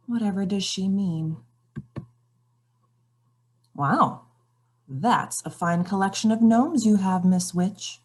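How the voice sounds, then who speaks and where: Slow, expressive woman reading aloud. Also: mid-range voice, husky. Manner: expressive, questioning the characters. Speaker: read-aloud storyteller. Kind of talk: children's picture book read-aloud.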